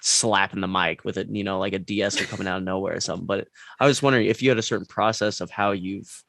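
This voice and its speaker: A man's voice: sits low, fairly even intonation, quick pace, creaky, a bit bright, no echo. A man interviewing a singer, asking long rambling questions. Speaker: interviewer, music producer. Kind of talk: casual interview chat.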